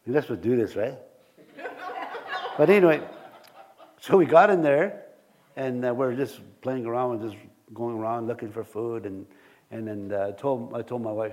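A man's voice: mid-range voice, normal speed, long pauses. A man preaching to a congregation in a church, telling everyday stories with frequent chuckles and questions to the listeners. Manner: animated storytelling, chuckles often, asks the congregation questions. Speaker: pastor. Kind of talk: sermon with personal stories.

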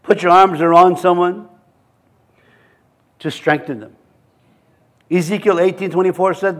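Man preaching, high voice, church sermon, chuckles between scripture readings. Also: steady tone, a little slow, long pauses. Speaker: pastor.

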